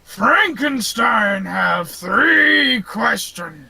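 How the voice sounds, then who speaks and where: A man voicing Frankenstein's monster, a giant, simple-minded male corpse who talks in broken caveman grammar with slow, booming shouts. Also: expressive, gravelly, slightly rough, no room sound, full character voice, poor audio.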